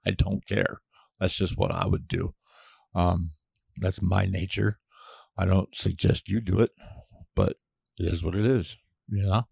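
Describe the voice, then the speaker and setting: A man hosting his own show, ranting in a casual monologue, blunt and profane with sudden loud outbursts. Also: low-pitched, animated, measured pace, creaky, long pauses, slightly rough, dry recording, clean studio sound. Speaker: podcast host.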